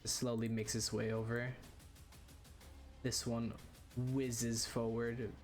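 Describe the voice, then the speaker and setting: A man's voice: mid-range voice, completely flat delivery, slow pace, faint music behind. A man running a tabletop role-playing game, narrating in a loose, rambling way full of "like" and "uh". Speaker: game master.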